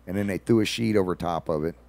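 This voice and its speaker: A man's voice: deep voice, quick pace, vocal fry, darkish tone. A man, a regular on a radio show, telling rambling stories in casual talk with folksy asides.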